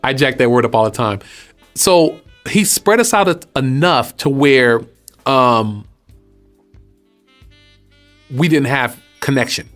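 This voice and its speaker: A man from Texas talking casually to his audience as host, preaching in a lively, conversational way and asking them questions. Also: medium pitch, slow pace, pauses often, faint music behind. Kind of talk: casual spoken teaching.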